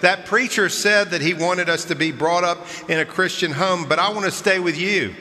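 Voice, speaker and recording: A male pastor giving a sermon, telling funny stories about children with gentle chuckles, then preaching earnestly. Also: high voice, moderate pace, background noise. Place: large church sanctuary. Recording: long church-hall reverb.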